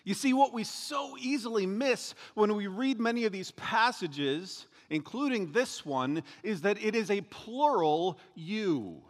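Lively pastor preaching in an echoing hall. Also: male voice, high voice, unhurried, few pauses. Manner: conversational, joking asides, animated emphasis. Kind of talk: sermon. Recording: long hall reverb.

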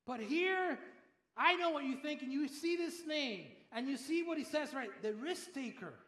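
A man's voice: very high-pitched, moderate pace, echoey room. An older man preaching a sermon as pastor, telling stories and acting out the voices of the people he quotes. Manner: animated storyteller, acts out quoted voices.

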